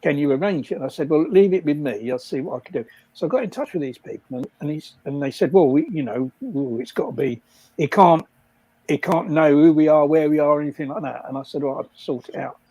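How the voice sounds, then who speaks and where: Husky older man telling tales. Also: a little high, fast, dark tone, no room sound, poor audio. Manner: rambling, laughs often at own stories. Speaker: guest storyteller. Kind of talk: casual anecdote telling.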